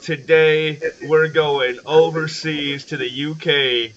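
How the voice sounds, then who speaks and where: Bright-voiced young American man hosting. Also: on the high side, fairly even intonation, slow pace, slight background noise. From United States. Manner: laughs often, restarts sentences, casual swearing. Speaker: podcast host. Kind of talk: casual chat. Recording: dull lo-fi audio.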